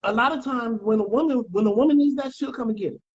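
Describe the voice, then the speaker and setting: Husky man on lo-fi podcast audio. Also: very high voice, fast talker. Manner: emphatic, chimes in with short agreements. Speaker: podcast co-host. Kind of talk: casual chat. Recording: dull lo-fi audio.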